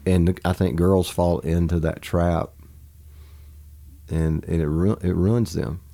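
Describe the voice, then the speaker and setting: A man's voice: sits low, fairly even intonation, slow pace, vocal fry, mellow. A man in his forties, a pastor talking earnestly about his family in casual conversation, laughing easily.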